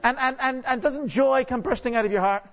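A man's voice: extremely high pitch, a little fast, a bit bright. A man giving a conversational, joking sermon from a church stage, often stopping to ask the congregation questions and restarting his sentences. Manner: chatty, jokey, asks the congregation many rhetorical questions; frequent restarts and repeated words. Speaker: guest preacher. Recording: dull lo-fi recording.

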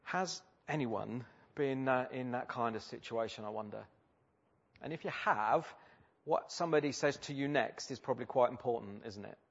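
A man delivers a sermon in a relaxed, conversational manner, often pausing on fillers and asking his listeners rhetorical questions. His voice sits in an ordinary middle pitch. The recording sounds slightly dull and lo-fi. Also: gravelly, slightly rough. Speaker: preacher.

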